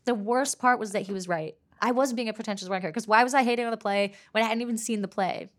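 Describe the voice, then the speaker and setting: A young woman co-hosting a casual talk show, telling a personal story with animated bursts. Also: a little high, quick pace. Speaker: podcast co-host. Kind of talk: casual chat.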